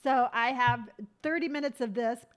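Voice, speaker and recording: A woman's voice: fairly high pitch, normal speed, smooth. A middle-aged woman hosting a casual live stream, telling rambling stories with lots of fillers and answering viewer comments as she goes. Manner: chatty, rambling storytelling with many fillers; reads viewer comments aloud and answers them.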